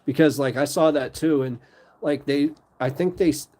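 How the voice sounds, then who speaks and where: A man's voice: fairly high pitch, moderate pace, mellow. A man hosting a live stream in casual chat, rambling with lots of fillers.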